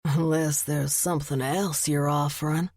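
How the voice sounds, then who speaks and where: Woman doing a deep-voiced southern charmer. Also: fairly even intonation, darkish tone, dry recording, studio quality. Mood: flirty. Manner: slow, teasing drawl. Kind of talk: audiobook narration.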